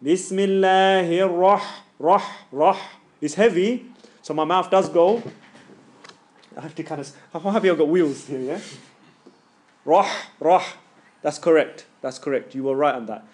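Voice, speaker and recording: Casual man teaching in class. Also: fairly high pitch. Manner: casual, joking, demonstrates sounds loudly and slowly. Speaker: tajweed teacher.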